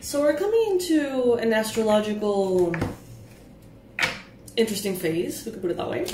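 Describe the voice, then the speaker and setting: A woman giving a relaxed, chatty tarot reading to camera, in a sleepy early-morning voice. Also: on the high side, normal speed, roomy sound, far from the mic, noisy background. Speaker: tarot reader.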